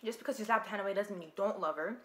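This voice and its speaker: A young woman casually reacting to an anime, talking back to the screen in an expressive way. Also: medium pitch, rapid-fire, roomy sound. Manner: expressive, talks back to the screen, shrieks and laughs.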